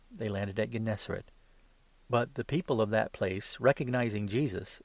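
Gravelly low-voiced man reading scripture. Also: no room sound. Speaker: narrator.

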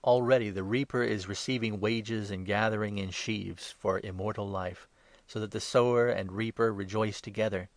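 A calm, authoritative teacher speaks earnestly in a low, gravelly voice, as a man reads his lines. The delivery stays measured and instructive. The sound is dry and close. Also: no room sound, lightly acted. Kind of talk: scripted Bible reading.

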